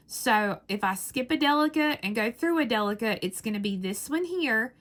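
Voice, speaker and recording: A woman teaching a beadwork technique step by step, speaking slowly and patiently. Her voice sits in an ordinary middle register, and she counts beads aloud methodically as she works at a craft table indoors. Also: medium pitch, fairly bright tone. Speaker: beading instructor.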